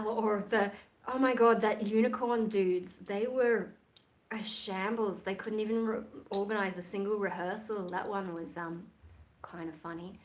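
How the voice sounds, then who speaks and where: A woman's voice: on the high side, fairly bright tone. A woman, chatting casually and frankly on a livestream, rambling from one thought to the next. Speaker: livestream host and metal singer.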